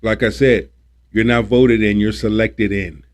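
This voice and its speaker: Hosting a livestream, this man delivers a preachy political rant, hammering points repeatedly and cursing once he's fired up. He speaks in a steady, unhurried manner with a fairly low voice.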